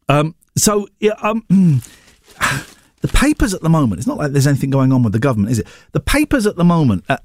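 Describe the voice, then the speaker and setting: A man's voice: fairly high pitch, a little mellow, no echo, studio quality. A man hosting a radio show, casually chatting about newspaper stories with wry asides. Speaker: radio host.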